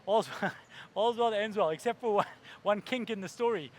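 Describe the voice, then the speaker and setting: Animated man on stage. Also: sits high, normal speed. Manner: animated, acts out voices and laughs while telling stories. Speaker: keynote speaker. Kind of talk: storytelling keynote talk.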